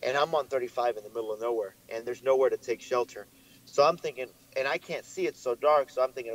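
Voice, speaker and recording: A young man co-hosting a podcast, telling a story in a lively way and swearing often, his voice jumping up when he gets worked up. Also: medium pitch, fast, rough recording. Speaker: podcast co-host. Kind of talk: casual chat.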